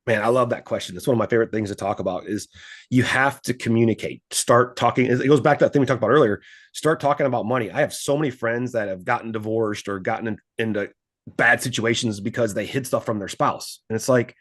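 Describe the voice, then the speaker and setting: A man's voice: medium pitch, fast. A man guest on a business interview, talking casually and animatedly about money, often acting out the voices of the people in his stories. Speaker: guest, finance coach.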